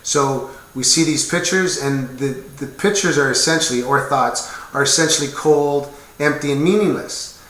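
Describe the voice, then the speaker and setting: A man's voice: mid-range voice, moderate pace, few pauses, fairly bright tone. A man in his fifties, a military veteran, talking casually to camera in an earnest, rambling way with small asides and jokes. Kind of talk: casual explanatory talk to camera. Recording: echoey room.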